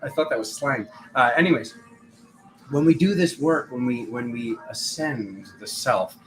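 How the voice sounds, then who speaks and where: A man's voice: mid-range voice, measured pace, soft background music, rough recording. A young man giving a spiritual tarot reading, rambling and acting out the voices of people in his stories. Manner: rambling, acts out quoted voices. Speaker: tarot reader.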